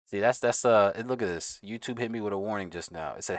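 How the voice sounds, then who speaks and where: A man's voice: fairly low pitch, fairly quick, fairly bright tone, no echo. A man with a New York accent, hosting a casual day-trading livestream, talking in loose slang and getting hyped. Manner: hyped, slangy, sings along to music. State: out of breath. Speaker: livestream host, day trader. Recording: faint music playing behind.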